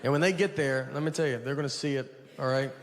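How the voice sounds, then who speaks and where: Stand-up: middle-aged man, mid pitch, rambling deadpan storyteller, live stage recording with clear noise. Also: fast. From United States. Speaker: stand-up comedian. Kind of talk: stand-up comedy set. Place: stage before a laughing audience.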